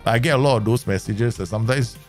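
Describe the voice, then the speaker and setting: A man's voice: medium pitch, fast talker, soft background music. A man streaming a football management game, chatting casually with viewers and ranting in jest at his players. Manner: chatty, joking, talks to viewers; mock-angry rants at players, laughing. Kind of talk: casual livestream chat.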